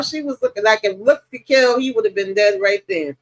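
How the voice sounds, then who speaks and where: A woman's voice: on the high side, moderate pace, no echo, low-quality recording. A woman hosting a live show, chatting casually over a video call, laughing often as she gives her take. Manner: laughs often, relaxed slangy storytelling. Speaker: channel host. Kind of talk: casual chat.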